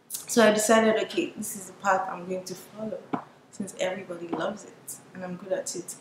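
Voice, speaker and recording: A young woman, a business owner telling her story to camera in a lively way and acting out what others said. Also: medium pitch, fairly quick, reverberant, background noise. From Nigeria. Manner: lively storyteller who acts out what people said. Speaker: business owner and surface pattern designer.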